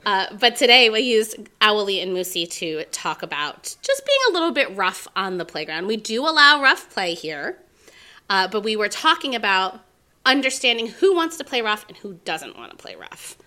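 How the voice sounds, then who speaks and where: A woman co-hosts a casual teacher podcast with a bright, ringing voice. Her pitch swoops up and down as she talks, full of animation. She laughs easily between thoughts. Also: very animated, normal speed. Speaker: preschool teacher and podcast co-host. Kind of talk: casual chat.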